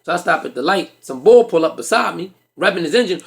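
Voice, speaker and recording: Animated profane male stand-up storyteller. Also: high-pitched, fast talker, vocal fry. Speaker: stand-up comedian.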